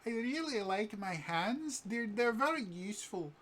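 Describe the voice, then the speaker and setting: A man's voice: high voice, lively intonation, measured pace, fairly bright tone, slight background noise, pitched above the performer's own voice. A man voicing a playful, sly young woman adventurer, with a sing-song, mock-sad manner. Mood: mock sorrow.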